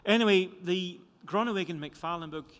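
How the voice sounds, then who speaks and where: His voice sits high, with a fairly bright, clear, resonant tone at normal speed. He's an older economist from Scotland with a Scottish accent, giving a rambling, self-deprecating conference talk about his book with many restarts, in lecture hall reverb.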